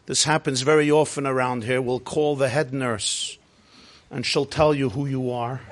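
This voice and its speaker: A hundred-year-old woman, soothing and matter-of-fact, as a man puts her on. She talks calmly, as if this happens all the time. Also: mid-range voice, moderate pace, a little hiss or hum, voice pushed down, lightly acted.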